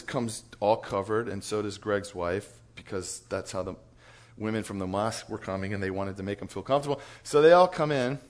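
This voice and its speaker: A man on church staff telling a lively story to church leaders, chuckling as he goes. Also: on the low side. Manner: animated storyteller, chuckles through his story.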